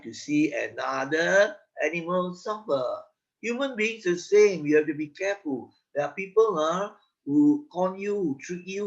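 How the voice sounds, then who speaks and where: A man narrating a children's moral story, slow and emphatic, adding asides to his listeners. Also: a little high. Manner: slow, emphatic, frequent "you know" asides. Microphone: video call. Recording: dull lo-fi video call audio.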